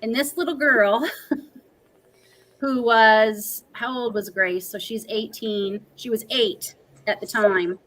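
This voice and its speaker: A woman's voice: fairly high pitch, fairly even intonation, slow pace, fairly bright tone, poor audio. A woman in her forties, a livestream guest, telling a personal story in an earnest, emotional, talkative way.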